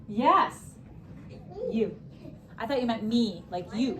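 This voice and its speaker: A young woman teaching a classroom spelling lesson, upbeat, stretching words and throwing in quick asides. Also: on the high side, lively intonation, crowd noise.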